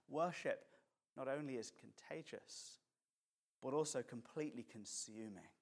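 A man preaching a conversational sermon as pastor, mixing jokes and acted quotes. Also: medium pitch.

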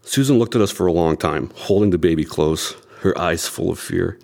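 An actor playing a young amateur detective who narrates his own story in an audio drama, telling it in a measured, tense way. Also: sits low, vocal fry, darkish tone. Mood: tense narration.

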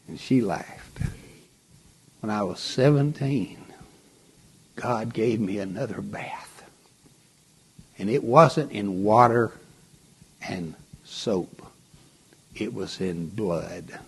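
A male pastor preaching a sermon, slow and dramatic, often dropping to a whisper for emphasis. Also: on the low side, expressive, breathy edge.

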